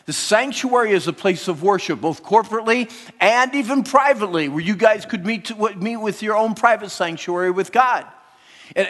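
A man preaching a sermon to teenagers, swinging between hushed, close talk and loud, animated stretches. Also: sits high. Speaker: youth speaker. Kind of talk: sermon to teens. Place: large hall. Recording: long hall reverb.

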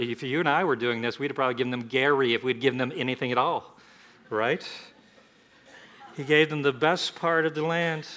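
Lively preacher, bright voice. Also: male voice. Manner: animated, acts out scripture voices with sudden jumps in pitch and volume. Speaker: pastor. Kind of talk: sermon.

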